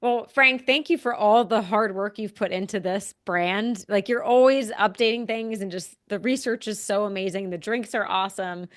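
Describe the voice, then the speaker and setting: A woman's voice: mid-range voice, normal speed, hardly any pauses. A woman co-hosting a podcast, thanking and questioning her guest in a friendly, supportive way. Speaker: podcast co-host. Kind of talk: casual interview chat.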